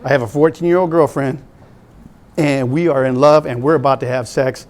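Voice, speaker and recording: A man in his fifties, a pastor preaching to young people in an animated, joking, conversational way. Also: medium pitch, moderate pace.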